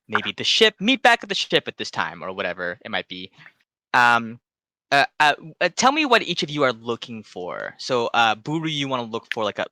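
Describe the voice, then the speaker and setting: A male game master describing scenes in a tabletop game, talking in a loose, rambling way full of ums. His voice is bright and clear, recorded dry and close. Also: mid-range voice, no echo. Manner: loose and rambling, many fillers.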